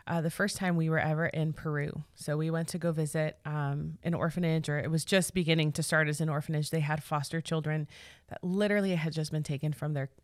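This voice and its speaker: A woman with a notably low voice tells a faith story calmly and evenly. The recording is dry and close. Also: brisk, no room sound. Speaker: guest sharing a ministry story.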